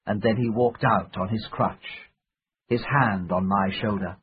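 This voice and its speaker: A man narrating a storybook in the first person, with a measured, expressive delivery. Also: lowish voice, husky. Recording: tinny phone-like lo-fi recording.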